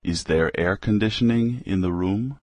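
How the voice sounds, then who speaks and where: A man reading common English phrases one by one for learners, slowly and with careful enunciation. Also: fairly low pitch, a little mellow, dry recording.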